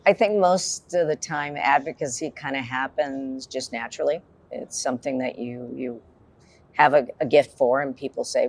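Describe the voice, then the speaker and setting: A woman's voice: very deep voice, steady tone, moderate pace, breathy edge. A woman on a podcast panel, telling a story in a chatty, wry way. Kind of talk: casual panel chat.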